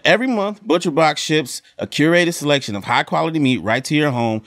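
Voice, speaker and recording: A man's voice: on the high side, brisk, a bit bright, no room sound. Man, upbeat ad read, chatty, middle voice, dry sound. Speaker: podcast co-host.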